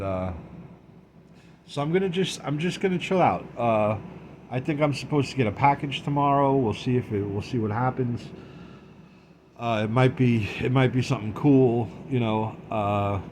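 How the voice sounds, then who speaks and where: A man's voice: mid-range voice, a little mellow, slight background noise. Rambling guy telling a story. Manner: rambling, repeats himself, swears freely, laughs through the telling. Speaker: vlogger. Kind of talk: casual storytelling. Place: dining room at home.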